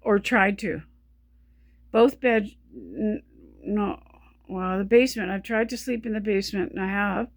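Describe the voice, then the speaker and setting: Breathless woman, halting weary speech. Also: medium pitch, no echo. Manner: halting, stumbling, many restarts. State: short of breath while talking. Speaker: vlogger. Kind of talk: personal video diary.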